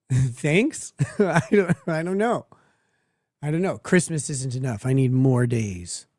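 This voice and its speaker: A man with a mid-range, expressive, darkish voice hosts a livestream, taking it slowly with long pauses. He reads viewer messages and cracks crude, sardonic jokes in reply, laughing frequently. The audio is studio quality with no echo, and the talk is casual commentary.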